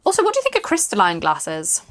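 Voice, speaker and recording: A woman's voice: medium pitch, wildly swooping pitch, fast, fairly bright tone. A woman co-hosting a board game session in a playful, teasing way, humming little tunes as she moves her piece. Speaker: co-host. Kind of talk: casual chat while playing a board game.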